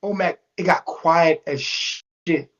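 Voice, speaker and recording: Profane, animated man telling a story. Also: a little high, slow, dull audio. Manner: profane, animated, acts out quoted voices. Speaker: streamer telling a story to callers. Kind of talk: casual storytelling. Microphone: microphone on a live voice call.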